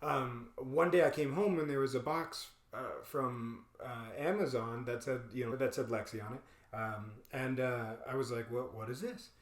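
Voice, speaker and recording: In an echoey room, a male podcast co-host tells a story during casual chat, speaking at a moderate pace with a mid-range voice. He's an animated storyteller who laughs often and acts out the lines people said.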